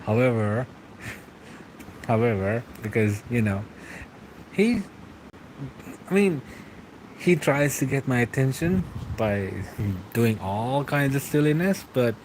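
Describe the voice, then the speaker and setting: Man, thirties, casual late-night stream chat, halting and rambling, laughs often, faint background noise. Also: mid-range voice, sing-song, darkish tone, rough recording. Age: 30s.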